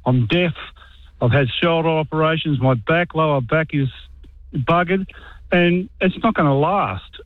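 An Australian man, an army veteran calling in, halting and frustrated. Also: a little high, no room sound. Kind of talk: talkback phone call. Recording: tinny phone line.

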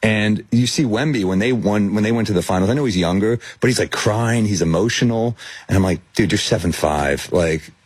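A man co-hosting a casual sports talk show, talking bluntly and casually with quick reactions. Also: fairly low pitch, darkish tone, breathy edge, dry recording.

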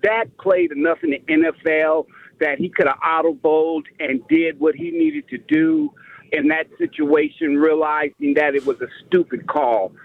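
A man's voice: on the high side, vocal fry. Male caller on a tinny phone line.

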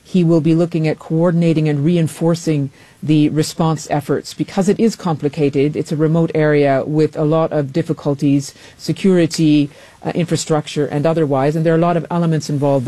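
Woman correspondent, live news explainer, warm low-brightness tone, dry close sound, careful and searching. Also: steady tone, no echo. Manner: measured, with frequent ums and self-corrections. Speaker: foreign correspondent.

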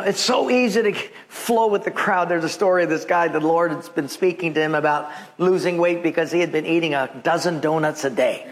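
A man preaching as a pastor spins stories during his sermon, voicing the people in them with dramatic pitch jumps.

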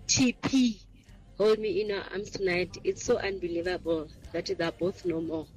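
A woman's voice: on the low side, steady tone, normal speed, darkish tone, low-quality recording. A South African woman calling a radio show to request a song, speaking in a friendly way. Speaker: caller.

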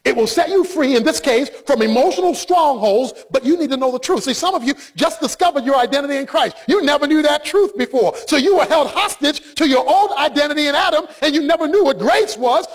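A male preacher delivering an impassioned sermon that often rises to shouting. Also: extremely high pitch, expressive, fairly quick, hardly any pauses.

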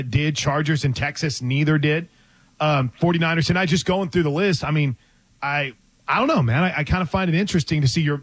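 A man co-hosting casual sports talk, his voice recorded close and dry. His voice sits slightly high for a man. He is chatty and animated and thinks through his points out loud. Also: dry recording. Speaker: podcast co-host.

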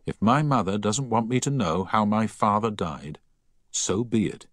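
A man voicing a quiet, troubled schoolboy. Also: fairly low pitch, expressive, unhurried, dry recording, clean studio sound. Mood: quiet, urgent. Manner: quiet, intense. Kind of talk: audiobook character voice.

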